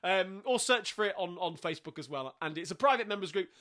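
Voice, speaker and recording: A man's voice: high voice, animated, fast talker, sharp tone. A tired man hosting a casual livestream sing-along from home, chatting at a rambling pace with many ums.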